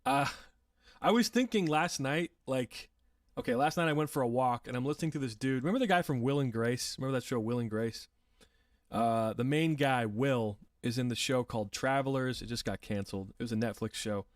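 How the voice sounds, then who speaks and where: A man's voice: mid-range voice, a little fast, no room sound, clean studio sound, far from the mic. A man hosting a casual livestream, reading viewer comments and rambling in a self-deprecating way, laughing often and swearing. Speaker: livestream host.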